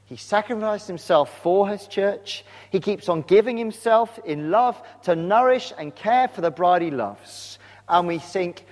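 Male preacher, slightly high voice, earnest, asks the flock pointed questions; long church-hall echo. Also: animated, measured pace, few pauses. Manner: earnest, direct questions to the congregation. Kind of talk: sermon. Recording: long reverb of a large hall.

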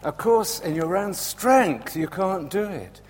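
A man preaching a sermon in a church, slow and animated, dropping to a hush and rising again. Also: high voice. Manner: slow, animated, swings from loud to hushed. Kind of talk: Palm Sunday sermon. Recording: echoey church hall with long reverb.

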